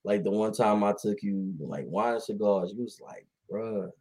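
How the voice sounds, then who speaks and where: A man's voice: lowish voice, steady tone, moderate pace, a little mellow. A young man in his twenties co-hosting a podcast, telling stories in a laid-back, slangy way and laughing often. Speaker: podcast co-host. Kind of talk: casual chat.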